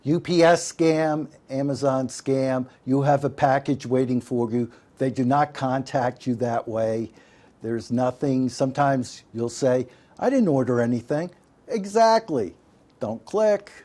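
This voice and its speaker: A man's voice: mid-range voice, slow pace, mellow. A man giving an instructional talk on staying safe online, folksy and emphatic, often calling his listeners folks. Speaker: digital literacy instructor.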